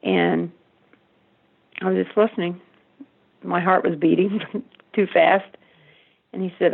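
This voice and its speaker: An older woman, a mother, recalling in halting, stuttering speech how she learned her son was involved in a crime. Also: medium pitch, fairly even intonation, gravelly, breathy edge. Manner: halting, stuttering, many restarts. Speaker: mother of the convicted man, interviewee. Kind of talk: emotional personal recollection. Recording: tinny phone line.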